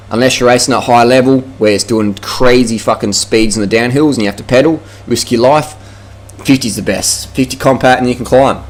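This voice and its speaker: An Australian man ranting casually to camera about cycling, blunt, profane and mocking. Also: mid-range voice. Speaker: cycling vlogger.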